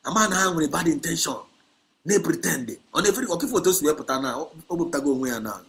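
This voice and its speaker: An animated, fast-talking activist livestream host, his voice fairly high and fairly bright, preaches and scolds with a Nigerian Igbo accent. He alternates Igbo with English and keeps repeating himself for emphasis as he exhorts listeners.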